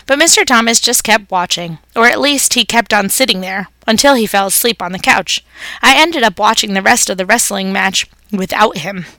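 A woman's voice: medium pitch, moderate pace, bright, forceful tone, no room sound. A woman reading a children's story aloud, narrating expressively as a pet hamster.

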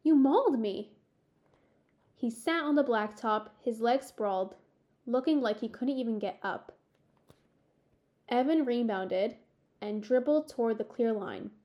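Slow, measured woman narrator. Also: fairly high pitch, muffled recording. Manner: measured, expressive storytelling. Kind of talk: audiobook narration.

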